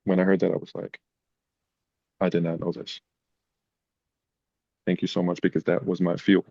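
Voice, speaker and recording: A man's voice: low voice, moderate pace, creaky, husky, dry recording, muffled recording. A man, a podcast guest, telling personal stories in a casual, emotional way. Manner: emotional, animated retelling. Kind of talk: casual storytelling.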